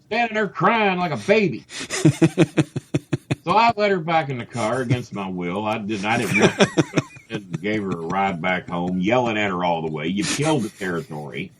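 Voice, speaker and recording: A man telling a long comic story about himself in a casual, animated way. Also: on the low side, normal speed, background noise. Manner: animated, mimics voices, laughs often. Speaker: podcast guest telling a story.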